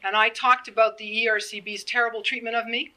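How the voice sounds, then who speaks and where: A woman's voice: fairly high pitch, flat delivery, fast, pushed and bright, slight background noise, low-quality recording. A woman in her fifties giving a public presentation, earnest and plain-spoken, acting out the conversations she retells. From Canada. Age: 50s. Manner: earnest, plain-spoken, acts out quoted exchanges.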